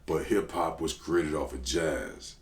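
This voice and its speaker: A man tells stories as a rapper guest in a relaxed interview. He talks in a slangy, animated way that jumps up in quick bursts of excitement. The room gives his voice a noticeable echo. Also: extremely low pitch. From New Orleans. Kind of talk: casual interview storytelling. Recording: roomy echo.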